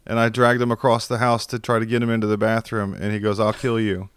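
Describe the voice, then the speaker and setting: A man's voice: lowish voice, level tone, quick pace, clear, resonant tone, no echo, clean studio sound. A man who is a podcast guest, telling a story in casual chat over a video call. He acts out the quoted voices and swears freely.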